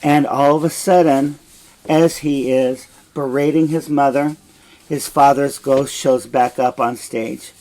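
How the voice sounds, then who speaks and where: A man's voice: mid-range voice, fairly even intonation, measured pace, a little mellow, low-quality recording. A man teaching a play line by line, retelling it in blunt, frank plain words.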